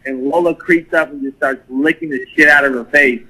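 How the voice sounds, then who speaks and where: Guy telling a dirty party story, bright voice, swears a lot. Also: fairly high pitch, fairly quick, low-quality recording. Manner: animated, profane, laughing storyteller. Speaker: guest storyteller. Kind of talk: crude casual storytelling.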